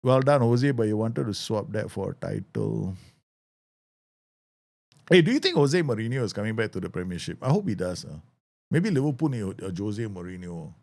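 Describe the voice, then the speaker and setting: A man streaming a football management game, chatting casually, laughing often and breaking into excited outbursts. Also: fairly low pitch, normal speed, vocal fry. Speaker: gaming streamer. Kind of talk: casual live game commentary.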